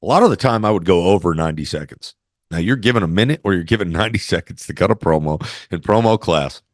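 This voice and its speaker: A man's voice: low voice, animated, quick pace, no echo, clean studio sound. A man telling stories as an interview guest in a brash, swaggering, profane way. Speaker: interview guest, former wrestler. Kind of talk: casual storytelling interview.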